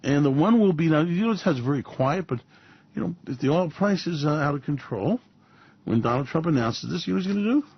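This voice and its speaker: A man's voice: fairly high pitch, animated, brisk, breathy edge. A man hosting a show, giving a rambling, sarcastic commentary monologue with frequent chuckles, mocking and theatrical in tone. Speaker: show host. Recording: dull lo-fi recording.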